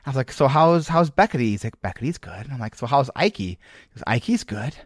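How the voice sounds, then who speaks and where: A man's voice: mid-range voice, expressive, quick pace, no echo. A man in his thirties co-hosting a podcast, spinning a teasing story with wry timing. His voice sits mid-range and sounds dry and close. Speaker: podcast co-host. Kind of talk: casual chat.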